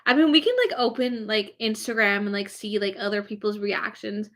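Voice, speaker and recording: A woman's voice: mid-range voice, steady tone, normal speed, a bit bright. A woman vlogger chatting casually and rambling, with lots of fillers. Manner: gushing, filler-heavy, rambling. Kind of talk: casual chat.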